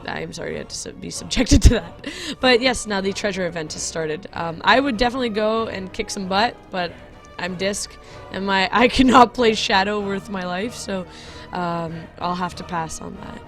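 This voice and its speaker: A woman hosting a game video, talking at a mid pitch in loose, chatty commentary. She giggles and keeps correcting herself, with soft music in the background. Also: moderate pace. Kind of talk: casual gameplay commentary.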